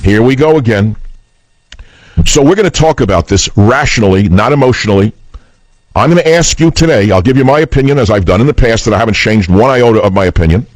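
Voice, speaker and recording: A man's voice: mid-range voice, animated, quick pace, no echo, low-quality recording. A man hosting political talk radio, speaking in a combative, scornful and emphatic way.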